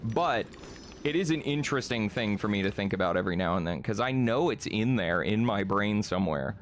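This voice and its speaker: A man's voice: fairly low pitch, expressive, fairly quick, a little hiss or hum. A young man chatting casually on a live stream, reading chat, rambling, laughing often and swearing freely.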